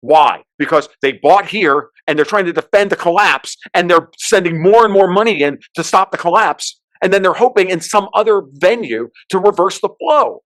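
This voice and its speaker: A man with a high-pitched voice rants through political and market commentary as a podcast guest. He talks fast and swears freely, breaking into sudden loud outbursts. The sound is dry and close. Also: no echo. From United States.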